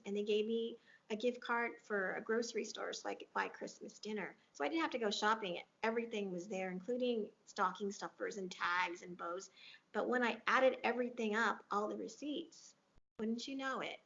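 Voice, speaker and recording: A woman's voice: mid-range voice, moderate pace, creaky, fairly bright tone. A woman guest in an interview, earnestly retelling a moving personal story and quoting what people said to her. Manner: earnest, emotional retelling with quoted dialogue. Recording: dull lo-fi audio.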